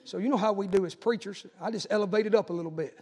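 A pastor preaching a sermon, telling stories and building to urgent appeals. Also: male voice, high-pitched, fast, a little mellow, long reverb tail.

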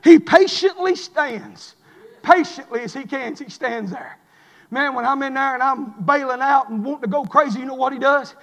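A man, preaching a sermon in an impassioned, shouting cadence in a church. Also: extremely high pitch, normal speed. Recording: long reverb of a large hall.

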